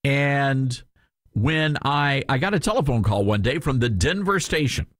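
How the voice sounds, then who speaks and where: A man's voice: mid-range voice, animated, a little slow, a bit bright, dry recording. A male talk radio host with a Southern US accent, telling a rambling story full of fillers and restarts into a studio microphone.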